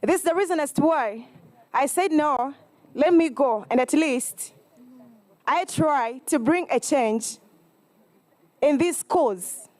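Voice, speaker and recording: A young woman with a Ugandan accent delivers a student campaign speech in a high voice. She talks slowly and earnestly, halting and apologizing as she goes. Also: animated, a little mellow. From Eastern Uganda. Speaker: student election candidate.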